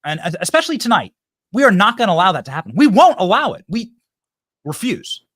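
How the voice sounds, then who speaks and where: A man hosting a live political show, joking with his crew and interviewing a guest in a lively, teasing way. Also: high voice, fast talker, no echo, clean studio sound. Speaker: host.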